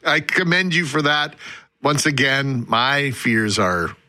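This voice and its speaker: A man's voice: medium pitch, expressive, takes it slowly, bright, forceful tone, no room sound. A man co-hosting a morning radio show, reading the weather and listener texts in a wry, self-deprecating way. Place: radio studio. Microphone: studio microphone.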